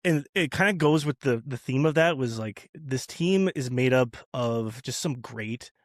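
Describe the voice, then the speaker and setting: A man's voice: medium pitch, lively intonation, unhurried, no echo, clean studio sound. A man on a podcast as a guest, telling a long story in casual chat with lots of restarts and fillers.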